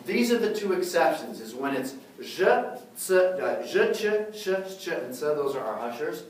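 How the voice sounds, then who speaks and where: Echoey teacher in a classroom, heard from afar. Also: male voice, a little high, very animated, moderate pace, recorded from a distance. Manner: explains patiently, often checks in with "okay?". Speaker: Russian language teacher. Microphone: far camera. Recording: very echoey room, recorded from afar.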